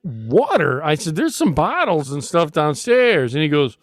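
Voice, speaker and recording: A man's voice: a little high, sing-song, measured pace, no room sound. A man hosting a talk show, telling a long story with frequent laughs and restarts. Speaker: podcast host. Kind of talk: casual storytelling chat.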